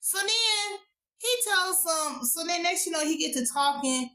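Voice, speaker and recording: A woman recapping a TV episode in a casual vlog, animated, slangy and profane. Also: very high voice, measured pace. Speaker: TV show reviewer.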